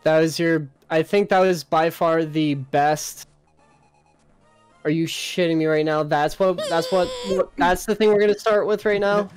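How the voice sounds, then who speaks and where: A man's voice: fairly high pitch, fairly even intonation, unhurried, clean tone, soft background music. A man chatting casually as a co-op streaming partner, teasing and friendly. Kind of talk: casual gameplay chat.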